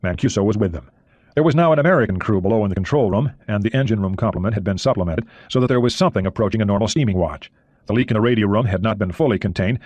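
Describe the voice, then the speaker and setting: A man reading a thriller audiobook in steady narration. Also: fairly low pitch, no echo.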